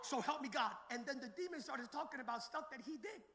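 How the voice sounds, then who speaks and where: A middle-aged man preaching a sermon. He tells stories with jokey asides to the crowd and rises to shouted calls. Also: very high-pitched, animated, quick pace, background noise. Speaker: pastor. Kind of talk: live sermon with storytelling.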